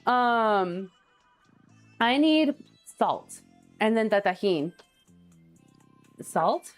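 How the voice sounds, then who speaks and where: A woman's voice: fairly high pitch, animated, extremely slow, soft background music. Chatty woman cooking on a livestream. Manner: chatty storyteller, reads viewer comments aloud. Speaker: cooking streamer. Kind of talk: casual chat while cooking live.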